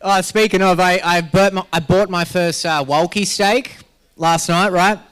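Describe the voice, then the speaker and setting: An Australian man serves as MC at a live health summit, his high-sitting voice steady, unhurried, a bit bright, clear and resonant. He jokes and rambles through stories, laughing a lot.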